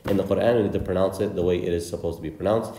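A man's voice: sits low, rapid-fire, warm tone, roomy sound, a little hiss or hum. A man teaching the Arabic letters for Quran recitation, patiently drilling each sound with repeated examples. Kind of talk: instructional lesson.

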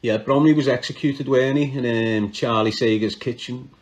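Animated Scouse man telling stories. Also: mid-range voice, normal speed. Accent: Liverpool (Scouse). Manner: animated, laughs often, slangy, restarts mid-sentence. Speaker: podcast storyteller. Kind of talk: casual true-crime storytelling.

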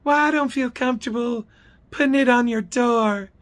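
A man putting on a shrill, whiny voice for a dismissive office clerk who stammers and gets flustered. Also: moderate pace, close to an everyday voice.

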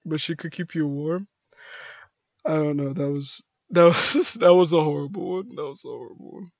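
A man with a slightly high, vocal-fry voice talks at a moderate pace while hosting his own gaming channel. He chuckles and pokes fun at himself in casual vlog commentary, captured on a dull, dry lo-fi mic.

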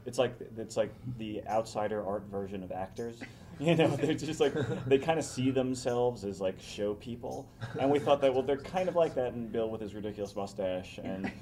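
A man's voice: medium pitch, expressive, moderate pace, mellow, a little hiss or hum. A man answering interview questions as a film director, explaining his choices in a thoughtful, casual way.

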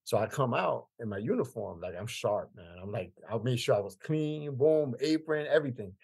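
A man's voice: mid-range voice, animated, normal speed, creaky, a little mellow, breathy edge. A man in his fifties, from Queens, telling a personal story as a podcast guest in an emphatic way, repeating phrases for weight. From Queens, New York. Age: 50s. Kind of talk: conversational storytelling.

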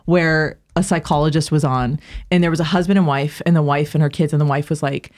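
Chatty Californian woman, animated storyteller. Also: low-pitched, fast. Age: late 30s. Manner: animated storytelling, lots of "like" and laughs. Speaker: guest, musician. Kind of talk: casual interview chat.

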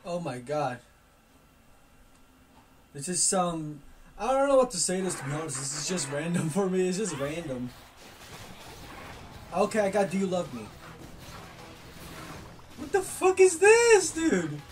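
A gaming YouTuber giving loud, excitable commentary, yelling and swearing at opponents while playing. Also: mid-range voice, measured pace, pauses often, far from the mic, slight background noise.

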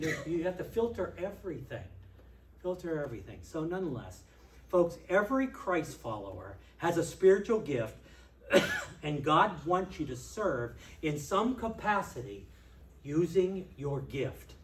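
A man preaching a sermon as pastor, animated, swinging between loud outbursts and quiet asides. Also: fairly high pitch. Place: church sanctuary. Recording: echoey church hall from a distance.

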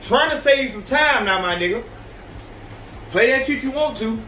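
Podcast host, high-pitched man, profane animated ranting, echoey room with faint hiss. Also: normal speed, recorded from a distance. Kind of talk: profane reaction commentary.

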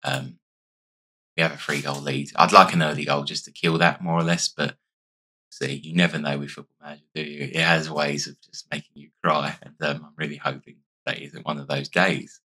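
A man with an extremely low voice narrates his video game in a loose, chatty way, thinking out loud between plays. His voice is hoarse and worn, yet it keeps a bright, pushing edge. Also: level tone, normal speed. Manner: chatty, thinking aloud while playing. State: losing his voice. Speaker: gaming YouTuber. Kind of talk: casual let's-play commentary.

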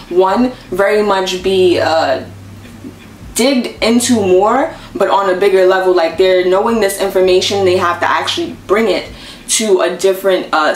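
A woman teaching astrology in a casual, explanatory way, checking in often with her listeners. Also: mid-range voice. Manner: checks in often with "okay?" and "all right?". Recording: roomy, slightly distant mic with faint background noise.

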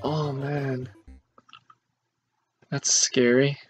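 In this let's play commentary, a man drags out his words in a level, medium-pitched voice while griping dramatically and in exasperation about a tough level in his own game. Faint game music comes through a dull, lo-fi microphone.

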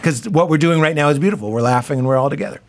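A man, a comedian guest in casual podcast chat, animated and quick to laugh, acting out quoted voices. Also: on the high side.

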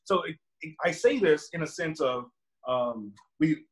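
A man's voice: a little high, expressive. A young man, a guest in a casual conversation, speaking earnestly with frequent restarts and fillers. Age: young adult. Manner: earnest, halting, many restarts.

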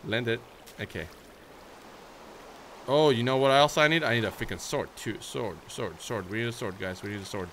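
A man's voice: fairly low pitch, fast talker, hardly any pauses, background noise. A young man narrating a Minecraft let's play, chatting playfully to his viewers and often breaking into squeals and baby talk. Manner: bursts into shrieks and baby talk at his horse. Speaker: gaming YouTuber.

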